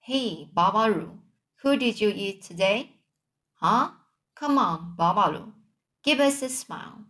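A woman's voice: mid-range voice, expressive, measured pace, pauses often, fairly bright tone. A woman reading aloud, voicing a cruel, sneering teenage boy bully who taunts and boasts. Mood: taunting. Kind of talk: audiobook reading.

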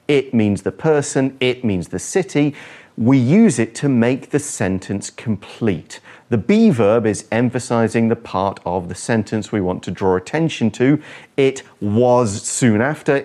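A man's voice: medium pitch, warm tone. A man co-hosting a radio English lesson, explaining grammar patterns step by step with example sentences. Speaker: English teacher, co-host.

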